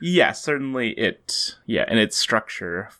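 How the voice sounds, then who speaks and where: A Canadian man with a fairly low voice co-hosts a casual podcast. He jokes in a dry, deadpan way and laughs often. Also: a little slow. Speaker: podcast co-host.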